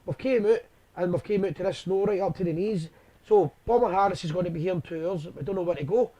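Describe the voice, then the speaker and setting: A man hosts a relaxed chat, his voice sitting high. He tells his stories with frequent "aye" and "right?" tags, in an easy, anecdotal way. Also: fast talker. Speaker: host. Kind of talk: casual chat, storytelling.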